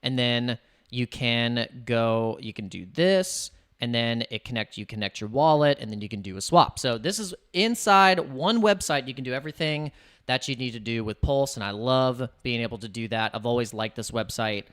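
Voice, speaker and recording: A man's voice: medium pitch, lively intonation, normal speed, fairly bright tone, clean tone. A man hosting a casual crypto livestream, chatty and rambling, hyping up his viewers.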